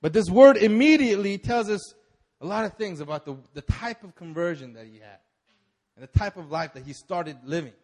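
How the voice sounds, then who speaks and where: A man preaching a sermon with animated, chatty storytelling, his voice sitting fairly high for a man. He keeps the tone conversational and acts out the people in his story. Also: fairly quick. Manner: animated storytelling, acting out biblical figures with laughs. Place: church service.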